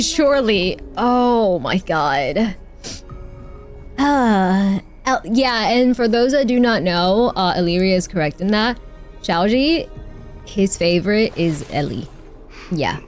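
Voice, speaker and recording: Emotional, swearing female game streamer. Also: fairly high pitch. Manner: emotional, gushing, swears freely. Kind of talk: casual live-stream reaction.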